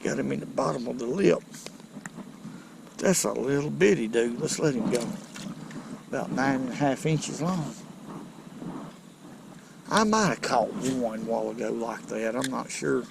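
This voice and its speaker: A man narrates his fishing trip from a boat on a river. He talks slowly and folksily with a gravelly voice, and gets excitable as he speaks to his viewers. Wind and passing boats make a constant rush behind him. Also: medium pitch. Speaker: fishing channel host. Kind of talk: casual fishing vlog commentary.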